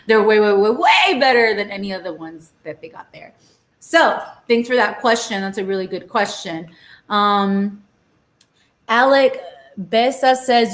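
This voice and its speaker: Her mid-range voice carries reverb in the home kitchen where she hosts a laid-back cooking live stream. This young Los Angeles woman is chatty, drops Spanish phrases into her talk and launches into lively rants while she cooks.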